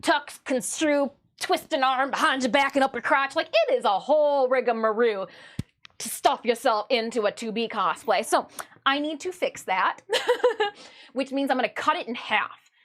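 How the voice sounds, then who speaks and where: A woman's voice: high-pitched, normal speed, a bit bright. A woman from Michigan chatting casually on a livestream, chatty and self-mocking, often breaking into giggles. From Michigan, USA. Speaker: livestreamer and artist.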